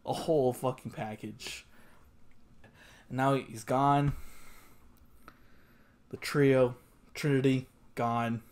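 A man's voice: mid-range voice, steady tone, slow, long pauses, a little mellow. A young man hosting an anime reaction, exclaiming and swearing, often repeating himself in disbelief. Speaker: anime reaction channel host. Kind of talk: emotional anime reaction commentary.

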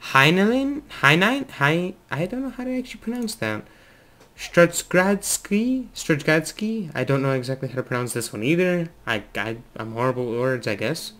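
Excitable man narrating his gameplay. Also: medium pitch. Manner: excitable, talks to himself while flying. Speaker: gaming video host. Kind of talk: let's play commentary.

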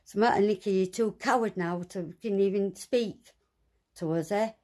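A woman ranting angrily and swearing, talking to her viewers from inside her flat. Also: mid-range voice, normal speed. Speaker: vlogger. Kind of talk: angry monologue to camera.

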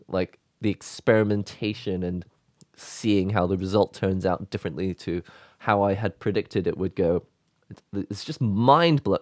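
A man hosting a casual vlog, talking excitedly and emotionally in a rambling way. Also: lowish voice, no echo, clean studio sound. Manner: excited, rambling, with laughs and sighs. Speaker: YouTube host.

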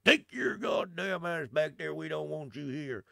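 A hostile small-town redneck drawls slowly and sneeringly, as a man puts him on. The voice drops lower than the man's own and keeps a gravelly edge. The sound is dry and close. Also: expressive, sharp tone, no echo, full character voice. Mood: scornful.

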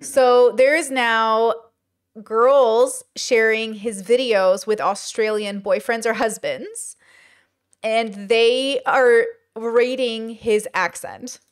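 A woman's voice: fairly high pitch, steady tone, slow, clean tone. A woman hosting casual commentary, talking in a chatty way with many fillers and rhetorical questions. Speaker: commentary host.

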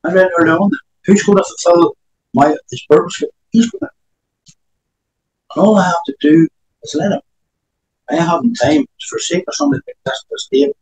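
A man's voice: high voice, big pitch swings, normal speed, pauses often, darkish tone, echoey room, low-quality recording. A man preaching a sermon, reading scripture aloud between emphatic remarks.

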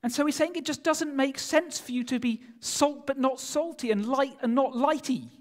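A man preaching a sermon in a church, speaking in an animated way and putting rhetorical questions to his listeners. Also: extremely high pitch, normal speed. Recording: long church hall reverb.

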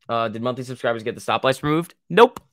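A man's voice: medium pitch, fast, slight background noise. A young man hosting a trading livestream, answering viewer questions in a rambling, profane, joking way. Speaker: stock trading livestream host.

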